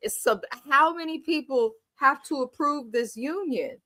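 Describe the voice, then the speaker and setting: A woman in her thirties from Kenya hosts a live TV recap and tells the story in a lively, laughing, blunt way that is often profane. Her voice sits high. The recording is close and dry, with no room sound. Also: a little slow, no room sound. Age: 30s. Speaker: show recap host.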